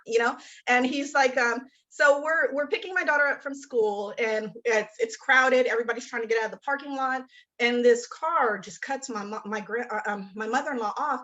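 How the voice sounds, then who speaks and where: A woman's voice: a little high, fairly quick. A woman author telling funny stories in a casual interview, acting out the people she quotes. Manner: animated storyteller, acts out quoted voices. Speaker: author guest. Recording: muffled lo-fi audio.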